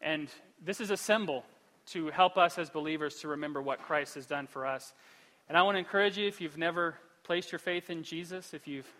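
Bright-voiced male pastor preaching. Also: fairly high pitch, a little fast, long reverb tail. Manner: shifts from hushed pleading to loud, animated storytelling. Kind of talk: sermon. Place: church sanctuary.

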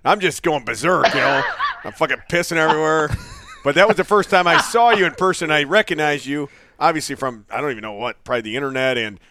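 A man's voice: fairly high pitch, quick pace, slight background noise. A man as a guest in a casual, profane chat, rowdy and often laughing. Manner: rowdy, laughs a lot, loud outbursts.

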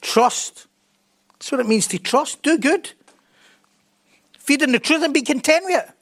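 A man's voice: very high-pitched, expressive, measured pace, a bit bright. A man preaching a sermon in a conversational way, often laughing and joking at his own expense.

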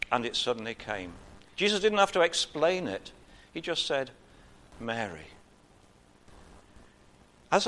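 Male preacher, chatty informal sermon, light humor, unhurried pauses. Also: mid-range voice. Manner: conversational, pauses with uh, gentle humor.

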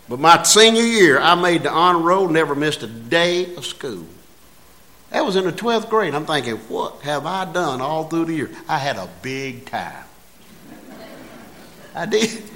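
A man's voice: a little high, fairly bright tone. A man preaching a sermon in a folksy way, building to emphatic passages.

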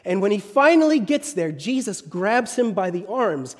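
Dramatic preacher whispering and rising. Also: male voice, high voice, very animated, normal speed, big-room sound. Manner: dramatic, shifting from loud to whispered. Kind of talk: sermon.

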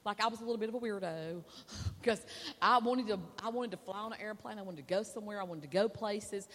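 A preacher's wife delivers a sermon with personal storytelling, chatting conversationally and tossing asides to the audience. Her mid-range, fairly bright voice moves fast, with the long reverb of a large hall.

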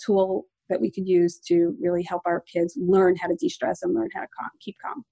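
A woman's voice: lowish voice, fairly even intonation, normal speed, vocal fry, mellow, no room sound. A woman in her forties, a parenting expert guest, explaining practical advice in a reassuring, explanatory way. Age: 40s. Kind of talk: interview advice.

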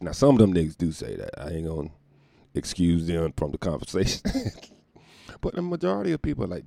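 A man hosts his own podcast from home, ranting in a profane, animated way and laughing often. His low voice is gravelly and leaps widely in pitch. The sound is dry and close. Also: quick pace, dry recording. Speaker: podcast host. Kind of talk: casual profane rant.

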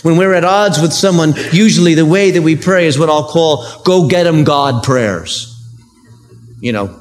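Earnest higher-voiced male pastor preaching. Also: moderate pace, soft background music. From United States. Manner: earnest, conversational preaching with vivid examples. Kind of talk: sermon.

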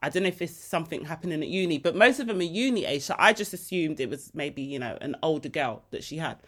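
A woman hosting her own podcast, telling stories in a lively, emotional way and laughing easily. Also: low-pitched, fast talker. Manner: animated storytelling, laughs and gets emotional easily. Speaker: podcast host. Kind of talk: casual solo podcast chat.

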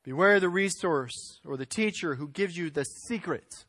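A man with a high voice delivers a sermon, pushing hard on key words and then sinking quiet. The recording is dry and close, with no room sound. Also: normal speed, no room sound. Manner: emphatic preaching with rising and falling intensity; clears throat now and then. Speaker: pastor.

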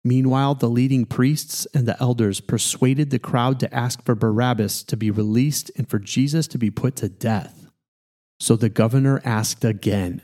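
A man, a pastor, reading scripture aloud in a steady, measured way. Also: mid-range voice.

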